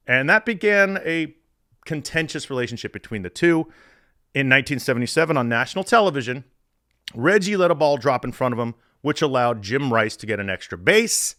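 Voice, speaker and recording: A middle-aged man hosting a sports podcast, telling stories in a profane, animated way. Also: medium pitch, normal speed, dry recording, clean studio sound. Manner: profane, animated storytelling with laughs. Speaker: podcast host.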